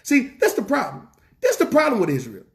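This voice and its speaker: A man's voice: very high-pitched, huge pitch swings, brisk. A man preaching a fervent sermon in a church, repeating lines and asking the congregation rhetorical questions, with a Southern US accent.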